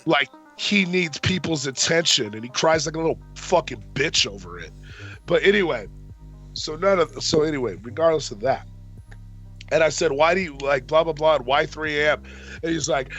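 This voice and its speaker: A man's voice: a little high, expressive, normal speed, fairly bright tone, faint music behind. A man casually telling a long, profane story on a podcast, acting out the arguments he quotes. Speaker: podcast co-host.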